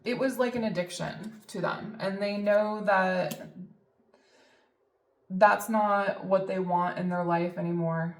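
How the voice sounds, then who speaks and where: A woman's voice: mid-range voice, fairly even intonation, slow. A woman giving a casual tarot reading, chatty and emphatic, with lots of fillers and the odd swear word. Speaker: tarot reader. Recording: echoey room.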